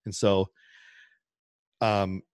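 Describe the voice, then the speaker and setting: A man with a low-pitched, clear, resonant voice talks very slowly as a podcast co-host telling a long, rambling story in casual chat. He animates the tale by acting out what other people said. The recording is dry and the studio sound clean.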